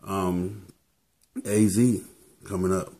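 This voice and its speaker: A man's voice: deep voice, little pitch movement, slow pace, warm tone. A man giving casual motivational talk as a vlogger, laid-back and tacking "man" onto his phrases.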